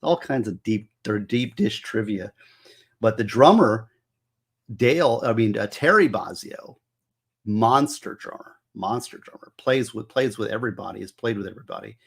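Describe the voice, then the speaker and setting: Guy with a husky voice hosting a chill music stream, rambly and excited about trivia. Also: on the low side, moderate pace. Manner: rambling, enthusiastic, fond of trivia, restarts phrases. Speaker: host. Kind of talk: casual livestream chat about music.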